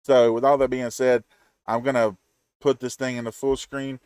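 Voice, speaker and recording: Southern US male host, folksy and playful, dry close mic, mid pitch. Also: little pitch movement, normal speed, darkish tone, clean tone, dry recording. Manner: chatty, folksy, playful asides. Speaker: reaction video host. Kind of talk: casual reaction commentary.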